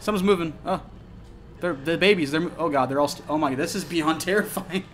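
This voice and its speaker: Over a little hiss or hum, a young man with a fairly high voice speaks a little fast as he plays a horror game. His casual commentary is full of swearing, and he's excitable and easily startled into yelps.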